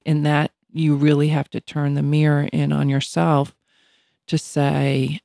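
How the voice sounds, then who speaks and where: Gravelly older woman, reflective. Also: low-pitched, normal speed, warm tone, dry recording, studio quality. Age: 60s. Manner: reflective, thoughtful. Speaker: podcast co-host. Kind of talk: casual chat.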